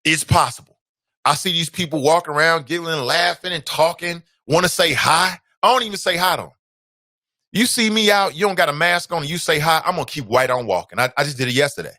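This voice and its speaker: A man hosting his own talk show, delivering a casual, emphatic monologue full of asides that breaks into loud, high-pitched outbursts. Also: brisk, no room sound, studio quality. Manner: conversational asides and fillers.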